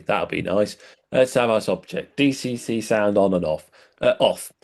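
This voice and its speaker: A man's voice: lowish voice, moderate pace, creaky, darkish tone. A man co-hosting a hobby podcast, reading out event listings with dry, rambling jokes. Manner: dry, jokey, rambling asides. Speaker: podcast co-host.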